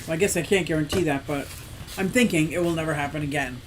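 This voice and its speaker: A deep-voiced woman in her sixties talks fast over a noisy background as she hosts a casual livestream for her aquarium and fish shop. She greets viewers by name, reads their comments, and tells rambling anecdotes. Her manner is chatty and animated, and she laughs often.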